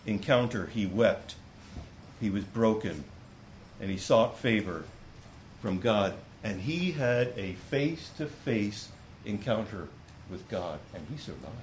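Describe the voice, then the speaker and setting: A man's voice: on the low side, slight background noise, rough recording. Earnest male preacher reading scripture. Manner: earnest, reads scripture aloud then expounds with restarts. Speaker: pastor. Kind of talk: sermon.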